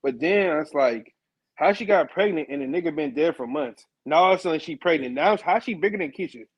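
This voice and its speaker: A man calling in to a live show, talking in an excited, rambling, slangy way. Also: on the high side, brisk, slightly rough, dull audio. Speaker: caller. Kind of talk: casual call-in chat.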